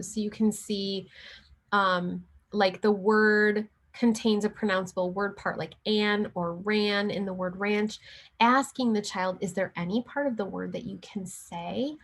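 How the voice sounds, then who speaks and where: A woman's voice: medium pitch, fairly bright tone. A woman giving a casual recorded lecture on teaching reading, with fillers and light laughs. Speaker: teacher educator.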